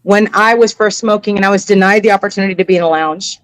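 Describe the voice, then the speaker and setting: Interview guest: woman, middle-aged, expressive storyteller, mid-pitched, close and dry. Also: fast, dry recording, low-quality recording. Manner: animated, acts out quoted voices; emotional, earnest. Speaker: interview guest, cigar educator. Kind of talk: casual conversational storytelling.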